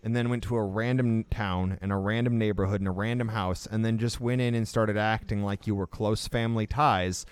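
Smooth-voiced man explaining emphatically. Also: lowish voice, steady tone, fairly quick, hardly any pauses, no echo. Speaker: podcast co-host. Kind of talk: casual discussion.

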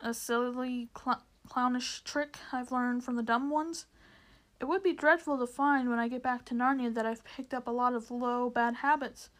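A woman's voice: fairly high pitch, fairly even intonation, moderate pace, fairly bright tone, close to an everyday voice. A woman reading as a proud talking horse. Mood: anxious. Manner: formal, old-fashioned phrasing. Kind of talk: storybook reading.

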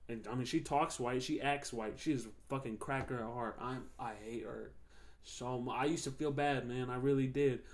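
A man's voice: mid-range voice, steady tone, normal speed. Young male podcaster, mid-range voice, heated and profane casual venting. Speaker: podcast host. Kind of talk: casual solo rant.

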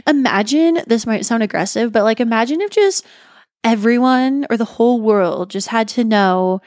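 Chatty young woman, fairly high voice. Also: expressive, moderate pace, darkish tone, no room sound, studio quality. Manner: chatty, rambling, corrects herself mid-thought. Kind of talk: casual chat.

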